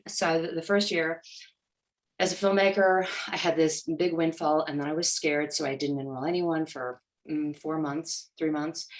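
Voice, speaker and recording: A middle-aged woman with a low, deep voice speaks as a coach in an interview. She tells her story with energy and often slips into the nervous inner voice she once had. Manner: animated, acts out her inner voice. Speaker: guest, money mindset coach.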